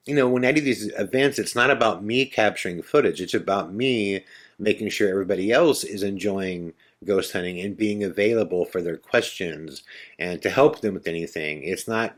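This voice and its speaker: Podcast host, male, deep voice, casual storyteller, chatty and animated. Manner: animated, relaxed storyteller with fillers.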